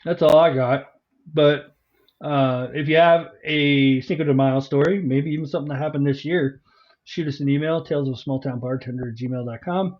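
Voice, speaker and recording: A man co-hosting a podcast, talking casually and reading facts off his notes with an easy laugh. His voice sits a little high for a man, and the recording sounds dull and lo-fi. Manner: chatty, reads facts off notes, laughs easily. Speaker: podcast co-host.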